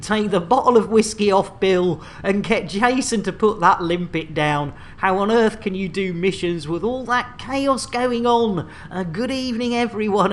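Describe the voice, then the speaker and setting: A woman's voice: mid-range voice, slight background noise. A woman hosting a live game stream, bantering with viewers in a chatty, jokey way. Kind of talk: live gameplay commentary.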